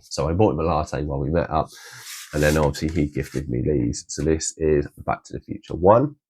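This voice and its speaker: A man's voice: very deep voice, fairly quick, a little mellow, husky. A man rambling casually with many restarts, showing off his collection in a vlog. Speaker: collector vlogger.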